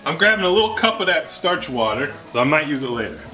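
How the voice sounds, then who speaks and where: A man hosting a casual cooking vlog in his home kitchen, with goofy, deadpan wordplay. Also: on the high side, fast. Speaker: cooking show host. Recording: music playing underneath.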